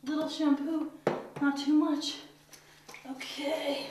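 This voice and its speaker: A woman's voice: sits high, measured pace, noisy background. A woman filming herself at home, chatting casually and talking soothingly to her cats. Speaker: vlogger. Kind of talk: casual self-filmed home video chat. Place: bathroom at home. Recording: echoey tiled bathroom, camera far off.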